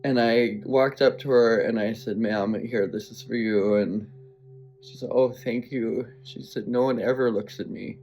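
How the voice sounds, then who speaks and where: A man's voice: medium pitch, fairly even intonation, a little slow, darkish tone. A man telling a personal story to camera, earnest and emotional, speaking bluntly and swearing now and then. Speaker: vlogger.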